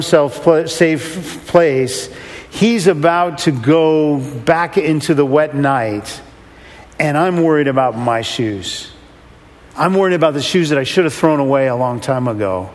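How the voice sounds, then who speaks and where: A man's voice: a little high, normal speed. A man who runs a rescue mission, telling a humorous, self-mocking story to an audience. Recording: long hall reverb.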